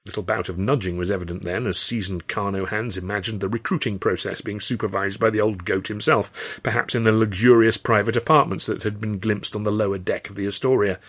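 A man's voice: fairly low pitch, steady tone, fairly quick, fairly bright tone. A man, the author, reads his novel aloud in a dry, wry storytelling manner. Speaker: author and reader. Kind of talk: audiobook narration.

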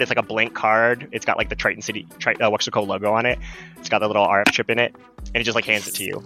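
A man narrating a tabletop game as game master, lively and often laughing. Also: medium pitch. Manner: lively, laughing, quick asides.

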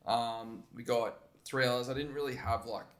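A young Australian man, a podcast guest, telling stories in a relaxed, rambling way with plenty of fillers and restarts. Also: medium pitch, normal speed. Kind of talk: casual chat.

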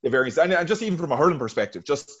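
A man talks quickly through a casual sports chat, tripping over and repeating his words. His voice comes through a dull, muffled call line. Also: on the high side, very animated, fairly bright tone. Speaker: panelist on a call. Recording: dull remote call audio.

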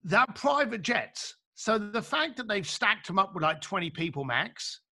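A man's voice: sits high, unhurried. A man, a coach, talking casually and emphatically, acting out little dialogues as he makes his points. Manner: animated, emphatic, acts out dialogues. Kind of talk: casual chat.

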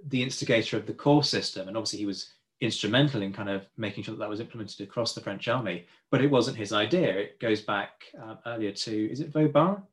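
A man hosting a podcast interview, chatting and asking his guest questions, sometimes correcting himself. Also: fairly low pitch. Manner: conversational, questioning, self-correcting. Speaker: podcast host.

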